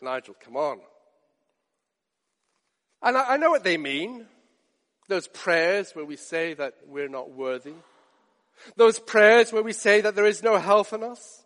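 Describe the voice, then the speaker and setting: A man preaching a sermon, animated and often putting questions straight to his listeners. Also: high voice. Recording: long hall reverb.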